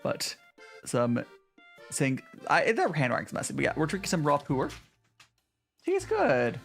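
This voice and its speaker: A male streamer chats casually with his viewers, his pitch bouncing up and down in a lively way. He reads messages aloud and answers them with plenty of restarts. Soft music plays quietly in the background. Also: a little slow, creaky. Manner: chatty, reads and answers chat, many restarts. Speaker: VTuber streamer. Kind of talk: casual live-stream chat. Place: home stream in Japan.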